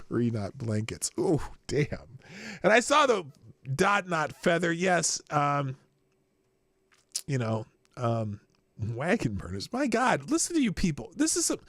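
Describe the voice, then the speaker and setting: Animated high-pitched male livestream host. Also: dry recording, studio quality. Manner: animated, laughing, reacting to chat. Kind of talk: casual livestream commentary.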